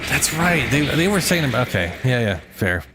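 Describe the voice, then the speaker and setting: A man's voice: mid-range voice, big pitch swings, normal speed, background noise. A man streaming a game in casual chat, sleep-deprived and rambling, cursing now and then.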